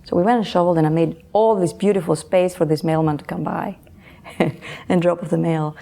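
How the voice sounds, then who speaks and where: A middle-aged woman, an author and interview guest, earnestly telling a personal story and often answering with quick yeses. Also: fairly low pitch, steady tone, vocal fry, mellow. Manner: earnest, repeats words, frequent affirming yeses.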